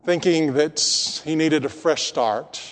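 A man preaching a sermon in a church. He drops to hushed tones and then swells to emphatic peaks. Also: on the high side, slow pace, big-room sound. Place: church building with congregation.

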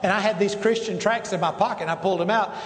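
A man's voice: high-pitched, quick pace. A middle-aged male pastor telling rambling stories in a sermon, full of restarts and asides. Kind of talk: sermon storytelling. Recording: echoey hall with long reverb, faint noise.

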